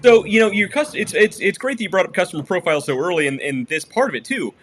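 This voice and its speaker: A man's voice: high voice, expressive, fast talker, a bit bright. Chatty man co-hosting a business podcast. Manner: chatty, full of fillers and restarts. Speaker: podcast co-host. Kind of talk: casual business podcast chat.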